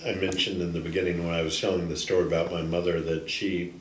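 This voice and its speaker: An older man telling personal stories slowly and haltingly, often restarting his sentences. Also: deep voice, little pitch movement, a little hiss or hum. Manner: slow, halting, with frequent restarts. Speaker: guest storyteller. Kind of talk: recorded personal storytelling. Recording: echoey room, distant mic, faint ambience.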